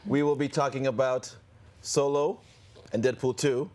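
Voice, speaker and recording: A man's voice: mid-range voice, fairly even intonation, moderate pace, darkish tone. Playful male TV host. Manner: playful, joking. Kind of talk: casual panel chat.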